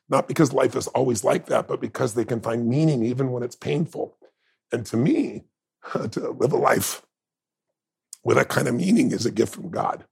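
Man, deeply gravelly voice, intense and emphatic, podcast guest. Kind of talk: emotional storytelling in conversation.

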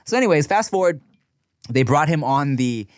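A man co-hosting a casual comedy podcast, telling a story in an animated way, swearing and laughing often. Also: a little high, moderate pace, no room sound, studio quality. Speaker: podcast co-host.

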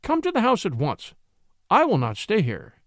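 A coarse older woman with a hard, biting voice set high, as a male narrator puts her on. She sounds sharp and insistent. The recording is dry and close. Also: huge pitch swings, normal speed, dry recording, heavily acted.

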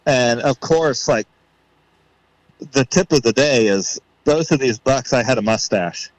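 A man on a podcast, telling a story in a casual way and acting out his own thoughts with rising excitement. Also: medium pitch, a little slow, no room sound, low-quality recording. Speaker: podcast guest.

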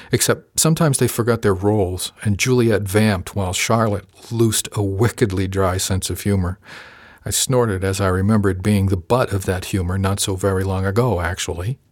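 A man reading a first-person audiobook in a measured, even storytelling manner. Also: fairly low pitch, no echo, clean studio sound. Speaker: audiobook narrator.

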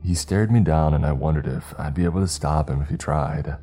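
A man narrating a horror story in an extremely deep, dark voice with a husky edge. He slows down at the tense moments, and faint music plays underneath.

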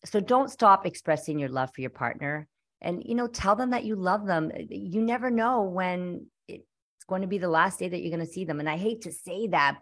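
A woman host of a casual talk podcast, chatting frankly about relationships. Her voice sits low for a woman. She laughs easily between her points. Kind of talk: casual chat.

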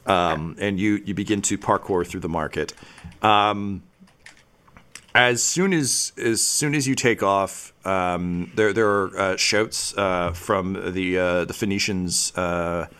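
A man game master narrating a tabletop game in a relaxed way, with many pauses and fillers. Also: deep voice, clear, resonant tone.

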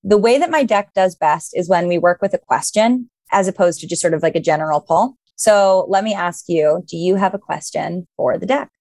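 A woman's voice: lowish voice, normal speed, few pauses, darkish tone, dry recording. Enthusiastic young woman host, dry sound. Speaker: podcast host and tarot reader. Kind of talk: casual chat and tarot reading.

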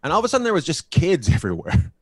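A man's voice: on the high side, huge pitch swings, racing, slightly rough, no room sound. A male guest comedian telling a road story in casual chat, profane and laughing as he goes.

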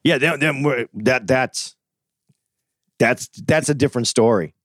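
A man co-hosting a casual comedy podcast, rambling and joking in quick asides. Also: mid-range voice, dry recording, studio quality. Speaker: podcast co-host.

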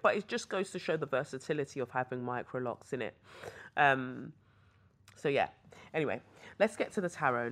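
A young British woman hosting a podcast, chatting casually and rambling through asides while reading tarot. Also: a bass voice. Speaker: podcast host and tarot reader. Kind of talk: casual chat. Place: hotel room.

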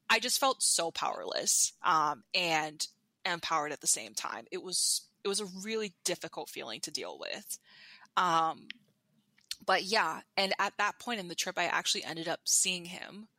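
A woman recounting a personal story on a podcast, full of fillers and quick restarts. Her voice is bright and on the lower side, recorded dry and close to the mic. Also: lively intonation, no echo. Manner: chatty, many fillers and restarts. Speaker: podcast guest. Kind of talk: candid storytelling.

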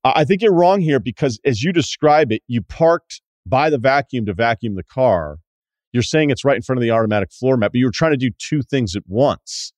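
A man's voice: medium pitch, lively intonation, fairly quick, a little mellow, no echo. A man hosting a podcast, reading a listener email aloud and adding wry, conversational asides. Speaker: podcast host.

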